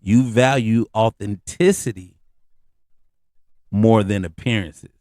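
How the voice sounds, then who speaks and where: A man's voice: slow, dry recording, clean studio sound. A middle-aged man hosting a podcast, telling comedic stories in slangy casual talk, with his voice jumping up on the punchlines. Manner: animated, slangy storytelling with rising pitch on asides. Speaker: podcast host.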